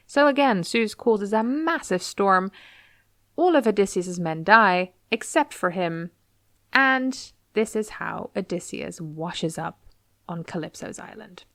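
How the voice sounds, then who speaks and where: A woman hosting a podcast, retelling a classic story in a casual, lively way and slipping into playful voices for the characters. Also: medium pitch, dry recording, clean studio sound. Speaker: podcast host.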